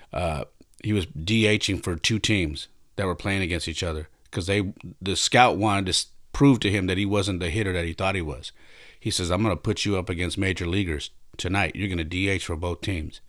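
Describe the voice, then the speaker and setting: A man's voice: sits low, a bit bright, no room sound, studio quality. A man hosting a podcast, retelling a story in an emphatic, conversational way with frequent restarts. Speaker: podcast host. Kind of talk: casual storytelling.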